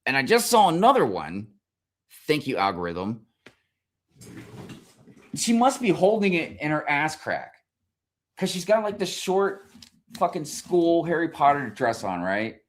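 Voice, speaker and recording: Brief: male streamer, profane comedic rant, lively up-and-down delivery, exasperated. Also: a little high, measured pace, long pauses. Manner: swears constantly, animated and exasperated.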